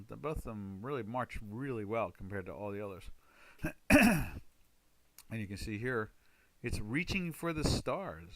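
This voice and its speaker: Chatty bright-voiced man hosting a webinar. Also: fairly high pitch, vocal fry, dry recording. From United States. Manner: chatty, rambling, exclaims loudly in frustration. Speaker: trading webinar host. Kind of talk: casual live webinar talk.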